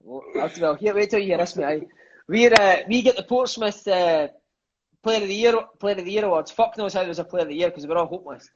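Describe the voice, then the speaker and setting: A fast-talking former footballer from Scotland, in his thirties, speaks in a high voice as a podcast guest. The recording has its highs cut off plus a little hiss or hum. His chat is casual and profane, dotted with "mate" and "aye."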